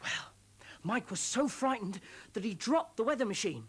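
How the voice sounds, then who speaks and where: Animated British woman telling children a story. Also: on the high side, moderate pace, noisy background. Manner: gentle, expressive, exclaiming storyteller. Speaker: children's TV presenter.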